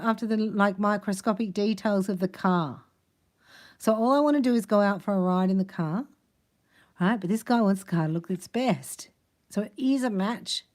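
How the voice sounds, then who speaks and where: A woman's voice: mid-range voice, dark tone. A woman giving a chatty, playful tarot reading, laughing often and sometimes dropping to a near whisper. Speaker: tarot card reader. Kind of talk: casual tarot reading monologue.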